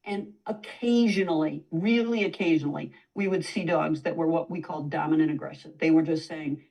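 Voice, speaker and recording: A woman's voice: deep voice, normal speed, warm tone, far from the mic, poor audio. A woman dog trainer, a guest in a conversational interview, explaining at length and now and then acting out what a dog might say. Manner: explanatory, acts out dog voices in quotes.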